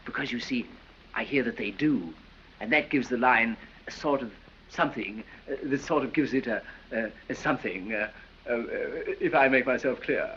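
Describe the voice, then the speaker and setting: An actor playing a silly, foppish English aristocrat dandy who drawls, giggles and dithers, in 1930s film acting. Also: male voice, mid-range voice, normal speed, fairly bright tone, lightly acted. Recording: dull old film soundtrack with hiss.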